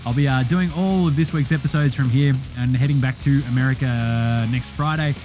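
A man's voice: mid-range voice, brisk, darkish tone. Aussie podcast guy, chill and sweary, bit of music under it. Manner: laid-back, sweary, slangy. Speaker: podcast host. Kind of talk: casual podcast sign-off.

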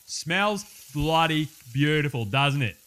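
A man putting on a loud, boorish Australian bloke who hosts a cooking show, talking with brash, crude swagger and an Australian accent. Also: on the high side, lively intonation, takes it slowly. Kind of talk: comedy sketch.

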